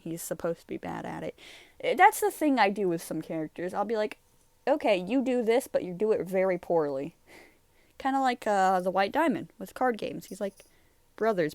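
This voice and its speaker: A young woman chats casually over her drawings, wandering off topic and giggling often. Her voice sits at an everyday middle pitch. The sound is dry and close, with no room echo. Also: gravelly. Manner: rambling, giggly, easily sidetracked. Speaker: YouTuber reviewing her own drawings. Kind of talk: casual chat.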